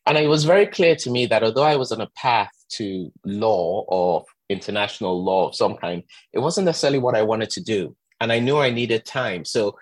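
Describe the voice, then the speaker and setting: A man being interviewed about his acting career talks with animated, emphatic storytelling. His voice is husky and sits fairly low. The recording is dry and close, with no room sound. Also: fairly quick, hardly any pauses, no room sound. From England. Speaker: actor and guest. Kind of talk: conversational interview.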